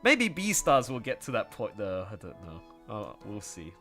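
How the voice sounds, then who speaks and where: Chatty man with a lively voice. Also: on the low side, normal speed, soft background music. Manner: rambling and chatty, full of fillers and asides. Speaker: artist streaming while drawing. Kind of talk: casual chat on a livestream.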